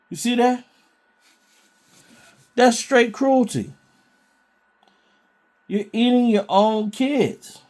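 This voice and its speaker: A man's voice: sits high, slow pace, long pauses, a little mellow. A man preaching informally from scripture in a blunt, scolding way.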